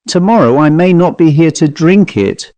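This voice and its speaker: A man reading an audiobook, voicing a young male archaeologist in a relaxed, offhand way close to his own voice. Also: on the high side, normal speed, no echo, pitched above the performer's own voice, lightly acted.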